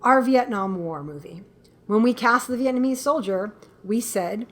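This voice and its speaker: Animated woman telling stories in chat. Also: fairly high pitch, normal speed. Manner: animated storyteller, laughs often, acts out quotes. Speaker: guest filmmaker. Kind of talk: casual interview chat.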